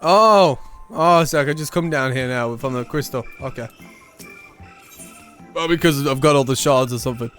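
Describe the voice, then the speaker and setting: A man's voice: medium pitch, normal speed, pauses often, fairly bright tone, soft background music. A man streaming a video game, chatting casually with loose, profane asides, laughing and muttering as he reads the game's lines aloud.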